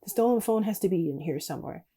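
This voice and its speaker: A woman streaming a text game, reading the story aloud evenly with quiet, casual asides. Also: medium pitch, animated, quick pace, breathy edge.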